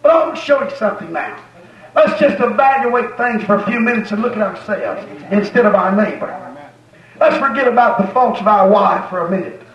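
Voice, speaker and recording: High-voiced folksy male preacher in an echoey hall. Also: brisk. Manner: folksy, rhythmic preaching with repeated phrases. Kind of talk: sermon. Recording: echoey, dull sound from far off.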